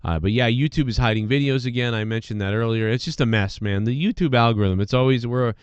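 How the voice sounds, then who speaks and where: A man's voice: mid-range voice, fast talker, smooth, no echo, dull audio. A man hosting a podcast, talking in a casual, rambling and profane way while congested from allergies. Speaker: podcast host. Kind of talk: casual solo rant.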